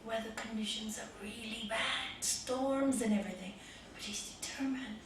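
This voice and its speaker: A woman meditation teacher giving a spiritual talk with stories to a small group, swinging between loud emphasis and soft, hushed asides. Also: fairly high pitch, moderate pace. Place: meditation centre room with a group. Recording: echoey room, voice from a distance, faint hiss.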